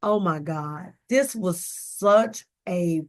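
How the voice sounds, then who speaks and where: A woman with a Southern US accent giving a slow, emotive devotional talk about a hymn, often calling out to her listeners. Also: on the low side. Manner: slow, tender, emotive delivery addressing listeners as y'all. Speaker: ministry speaker and recording artist.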